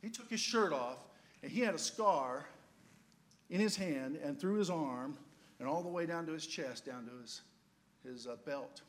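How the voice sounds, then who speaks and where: A man's voice: fairly high pitch, expressive, measured pace. An older man preaching, telling a playful, humorous personal story as a storytelling sermon.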